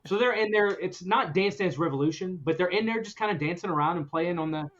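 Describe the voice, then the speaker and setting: Man, podcast host, high voice, casual storytelling, animated, laughs as he talks, muffled lo-fi sound. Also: fast. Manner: animated, laughs through his own story. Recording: dull lo-fi recording.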